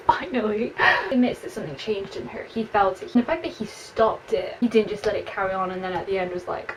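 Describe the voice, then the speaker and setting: A young woman with an English accent, chatting expressively through a book review and reading passages aloud, with frequent "like" fillers. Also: medium pitch. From England. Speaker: book vlogger. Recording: slightly distant mic with faint room noise.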